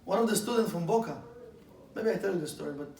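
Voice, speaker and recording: High-voiced eager male teacher, echoey room. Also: quick pace, creaky, a little mellow, a little hiss or hum. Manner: eager, asks many questions; broken, non-standard English grammar. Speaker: Kabbalah teacher. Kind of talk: class lecture. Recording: echoey room, mic far off.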